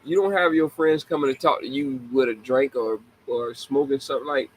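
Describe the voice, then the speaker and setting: A man's voice: mid-range voice, brisk, low-quality recording. A man in his forties hosting a casual live talk show, laughing often and apologizing to young listeners he calls babies. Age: 40s. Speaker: show host.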